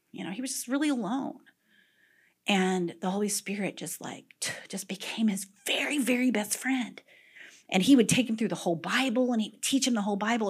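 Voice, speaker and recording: A middle-aged woman with a husky, mid-range voice preaches a sermon, telling stories with animated energy. She drops to whispers and bursts into shouts.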